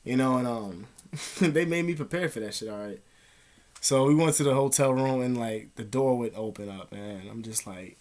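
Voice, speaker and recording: Male vlogger, mid-pitched, loose and profane, retelling events in a rambling monologue. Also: moderate pace. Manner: rambling, profane, animated storytelling. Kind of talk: casual monologue.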